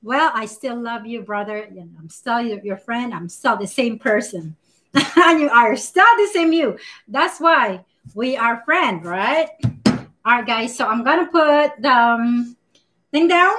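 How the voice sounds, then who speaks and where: Bright high-voiced woman live-baking. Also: animated, measured pace. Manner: chatty and emotional, greets viewers by name, laughs often. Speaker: live-stream baking host. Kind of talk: casual live-stream chat while baking.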